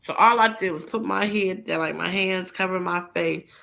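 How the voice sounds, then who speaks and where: A middle-aged woman casually telling a personal story, animated and laughing, jumping into high voices for quotes. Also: normal speed, gravelly, rough recording.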